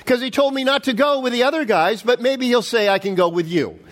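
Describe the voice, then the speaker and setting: A middle-aged male pastor preaching a sermon, animated and storytelling, acting out the quotes. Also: very high-pitched, a little fast.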